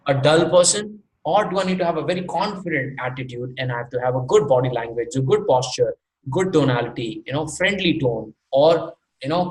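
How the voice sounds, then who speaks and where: A man from India teaching an online sales workshop, asking many rhetorical questions and laughing often. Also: fairly high pitch. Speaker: sales trainer. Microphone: online call mic. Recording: echoey room with faint noise.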